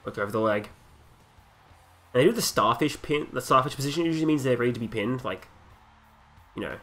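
An Australian man in his twenties talks over a wrestling game with crude jokes and loose, rambling asides. He breaks into loud, excited play-by-play calls, with faint music playing underneath. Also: medium pitch, a little fast. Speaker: gaming commentator. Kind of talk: casual let's play commentary.

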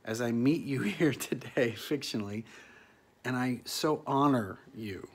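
A man's voice: mid-range voice, measured pace, breathy edge. A middle-aged male actor delivering a rambling, earnest spoken monologue in a pleading tone.

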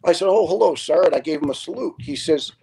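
A middle-aged retired fire lieutenant, a guest in a casual interview, telling stories earnestly and acting out the people in them. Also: male voice, a little high, expressive, quick pace, gravelly, mellow, breathy edge, rough recording. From New York. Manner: earnest storyteller, quotes people in their own voices.

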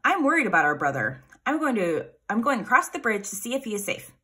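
Lady doing a worried but brave goat brother, earnest, kinda husky. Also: on the high side, very animated, fast talker, bright, forceful tone, voice pushed up, heavily acted. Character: middle-sized male billy goat, brave and caring.

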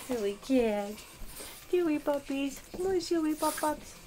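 A middle-aged woman breeder coos to her puppies in a very high, sing-song baby-talk voice, drawing out her words slowly and repeating pet names. The home video was recorded on a handheld camera in a nursery, with clear background noise. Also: lively intonation. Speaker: dog breeder. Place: indoor puppy nursery.

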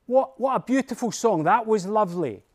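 A man's voice: high-pitched, lively intonation, normal speed, voice pushed up. A man with a Scottish accent voicing an eager, polite young boy on a quest. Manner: eager and cheeky.

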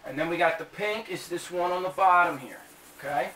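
A man's voice: sits high, a little fast, pushed and bright. A man teaching a math lesson in a classroom, chatty and slipping jokes between the steps. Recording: echoey room, mic at a distance, faint hiss.

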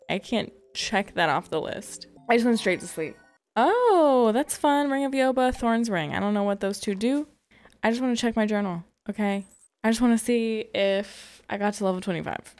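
A woman's voice: mid-range voice, expressive, moderate pace. A woman giving casual let's-play commentary, chatty and self-deprecating, with frequent exclamations. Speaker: gaming YouTuber. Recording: faint background game music.

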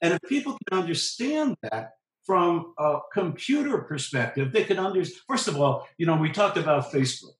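In a rough, reverberant recording, a man with a high, sing-song voice speaks at normal speed. A professor and journalist, he lectures emphatically during a conversational discussion, repeating key phrases to drive his points home.

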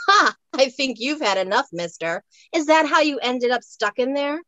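A woman's voice: high-pitched, animated, normal speed, fairly bright tone, dry recording, dull audio, voice pushed up. A woman voicing a blunt, wry modern young woman who talks back sarcastically. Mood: sassy. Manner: sarcastic, exclamatory.

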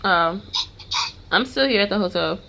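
A woman's voice: mid-range voice, animated, moderate pace, vocal fry, sharp tone, slight background noise. A woman vlogging from her hotel room, venting to her viewers in a frustrated, swearing, casual way.

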